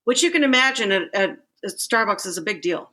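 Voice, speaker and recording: A woman's voice: mid-range voice, a little fast. A woman co-hosting a casual podcast chat, telling stories with lots of fillers and acted-out quotes. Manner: animated storyteller, acts out quotes. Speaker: podcast co-host.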